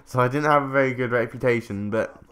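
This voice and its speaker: Rambling man, bright and crisp. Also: mid-range voice, fast talker. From England. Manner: rambling, chatty, self-interrupting, swears casually. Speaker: gaming commentator. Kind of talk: casual gameplay commentary storytelling.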